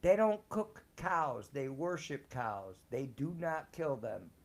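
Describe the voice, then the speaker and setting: Taking it slowly, a man with a mid-range voice and big pitch swings recounts personal stories on a live show. The telling is relaxed, full of slang and profanity, and punctuated by frequent laughter.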